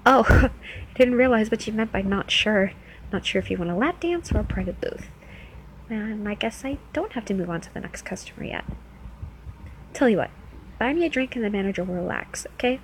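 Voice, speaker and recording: A woman's voice: medium pitch, lively intonation, fairly quick, slight background noise, natural voice, poor audio. A woman playing a teasing New Jersey club dancer. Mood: flirty teasing. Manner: playful, teasing, coaxing. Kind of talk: first-person audio role-play.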